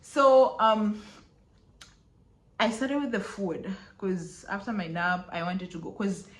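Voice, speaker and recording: A young woman chatting casually through a travel vlog, full of fillers and quick laughs. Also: mid-range voice, fairly even intonation. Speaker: travel vlogger. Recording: echoey room.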